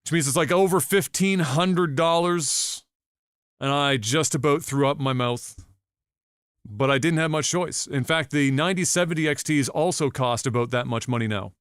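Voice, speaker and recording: A man's voice: a little high, normal speed, smooth, dry recording, studio quality. A man co-hosting a podcast, telling a story casually with lots of swearing and acted-out reactions. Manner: animated, profane, acts out his own reactions. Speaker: podcast co-host.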